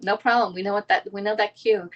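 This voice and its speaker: A fast-talking woman, hosting a casual live cooking stream from her home kitchen and reading viewer comments aloud. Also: medium pitch, steady tone, dull audio. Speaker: livestream cooking host.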